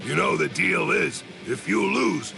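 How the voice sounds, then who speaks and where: An actor playing a gruff, hard-drinking male warrior in a video game, who scolds and shouts. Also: on the high side, expressive, measured pace, music in the background, full character voice.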